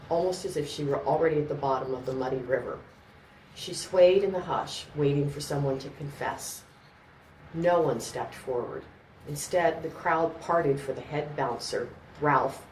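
Low-voiced woman narrator, measured storytelling; distant mic, roomy. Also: a little mellow, slight background noise. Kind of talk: scripted narration.

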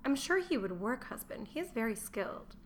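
A woman reading the lines of a meek young Roman wife who is anxious to please her husband, in a mild, soft-spoken manner, as an audiobook character voice. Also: on the high side, big pitch swings, a little fast, slight background noise.

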